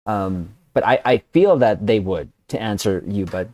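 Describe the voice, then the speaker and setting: A man's voice: lowish voice, expressive, normal speed, a little mellow, no room sound. A man hosting a casual podcast stream, joking around and often interrupting himself. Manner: jokey, self-interrupting, trails off. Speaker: podcast host. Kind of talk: casual discussion.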